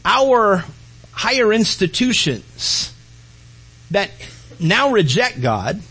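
Male pastor, sermon, husky, high voice, loud and hushed by turns. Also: sing-song, extremely slow, poor audio. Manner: preaching with swings between loud and hushed.

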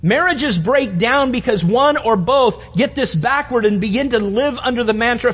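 A middle-aged man preaching a humorous sermon, acting out little scenes in quieter voices. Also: very high voice, normal speed, few pauses, breathy edge. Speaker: pastor. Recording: dull sound with long reverb in a hall.

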